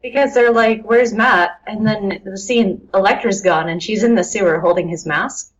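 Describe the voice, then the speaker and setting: A woman's voice: mid-range voice, moderate pace, dull audio. A woman co-hosting a casual podcast chat, giving sarcastic, dry recaps. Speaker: podcast co-host.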